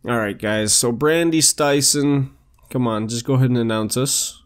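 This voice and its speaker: A man's voice: medium pitch, moderate pace, clean tone. Upbeat man narrating his game. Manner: upbeat, chatty, narrates each click. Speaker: let's play host. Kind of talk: casual gameplay commentary.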